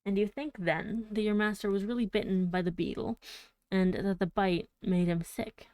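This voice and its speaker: A woman reading the lines of a polite, curious gentleman narrator who asks questions in a formal way. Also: mid-range voice, fairly even intonation, normal speed, no echo, close to an everyday voice. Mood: inquiring. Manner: formal, inquiring. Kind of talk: audiobook reading.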